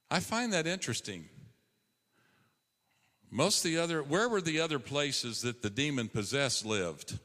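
A man's voice: mid-range voice, very animated, normal speed, fairly bright tone. A man preaching a sermon as a pastor, emphatic and conversational, rising on key phrases. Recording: long hall reverb.

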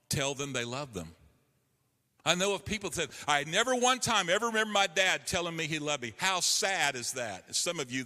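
A man's voice: mid-range voice, pushed and bright, long reverb tail. A man preaching a sermon to a congregation, emphatic and earnest, calling for responses. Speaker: pastor.

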